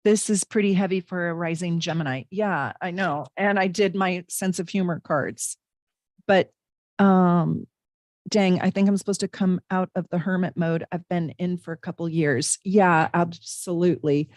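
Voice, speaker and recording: A middle-aged livestream host gives a casual tarot and astrology reading from home, her voice on the low side with a steady tone and moderate pace. She speaks chattily to viewers, with warm asides and lots of fillers. No echo; studio quality.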